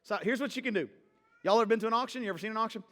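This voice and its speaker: A man's voice: sits high, rapid-fire, fairly bright tone, in a large hall. A man preaching a sermon as pastor, talking casually and joking with the congregation. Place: church hall.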